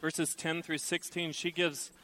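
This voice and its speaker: A middle-aged man preaching a sermon, lively and acting out the voices he quotes. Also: on the high side, measured pace, low-quality recording. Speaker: pastor.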